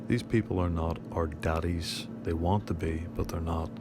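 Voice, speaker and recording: A very low, flat male voice delivers indignant, scornful commentary over a video. Loud music plays steadily under his voice-over. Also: moderate pace. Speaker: commentator on a channel.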